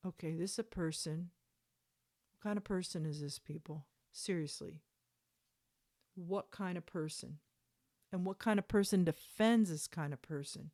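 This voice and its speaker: Sarcastic woman with a low voice. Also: normal speed, dark tone. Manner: sarcastic, indignant asides. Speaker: commentator reading court documents. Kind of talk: reading messages aloud with commentary.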